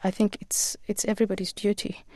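A woman guest in a radio interview, speaking earnestly and in a measured way with frequent pauses. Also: mid-range voice, little pitch movement, a little mellow, no echo, clean studio sound. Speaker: author and guest.

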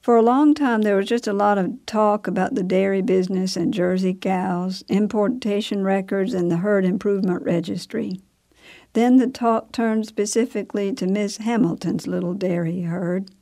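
A woman narrating a story in a measured, unhurried way. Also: mid-range voice, fairly even intonation, warm tone.

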